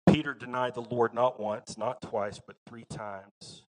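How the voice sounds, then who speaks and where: A man with a Southern American accent preaching a sermon as pastor, folksy and emphatic, swinging between loud bursts and quiet asides. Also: medium pitch, fairly even intonation, unhurried, rough recording.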